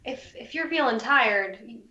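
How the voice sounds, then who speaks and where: Woman roleplaying, lots of likes and kinda, bit high, roomy echo. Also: expressive, a little slow, bright, forceful tone, lo-fi sound. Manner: chatty, hedging with fillers. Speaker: player. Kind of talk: tabletop role-play.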